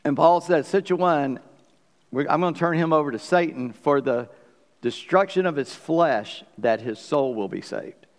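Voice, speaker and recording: A man's voice: fairly high pitch, normal speed. A man preaching a sermon as pastor, in a conversational, folksy way with asides to the congregation. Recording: long hall reverb.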